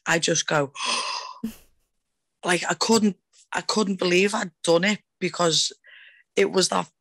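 A woman fighter on a radio talk show, telling her stories in a rambling, animated way with lots of fillers. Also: low voice, gravelly, no room sound. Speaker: MMA fighter guest. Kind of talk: excited casual storytelling.

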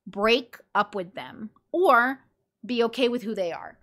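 A woman's voice: fairly high pitch, measured pace, a bit bright. A tired woman hosting her own podcast, talking casually and animatedly, acting out friends and swearing freely. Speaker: podcast host.

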